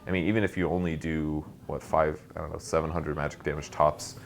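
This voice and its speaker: A man giving casual esports game analysis, explaining tactics quickly with lots of fillers. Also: extremely low pitch, flat delivery, vocal fry. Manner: fast, knowledgeable, explaining tactics with many fillers.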